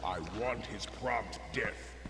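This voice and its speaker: A man voicing a sinister male sorcerer who commands dark minions, in a low hushed game cutscene voice. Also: slow pace, slight background noise. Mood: menacing. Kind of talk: video game cutscene acting.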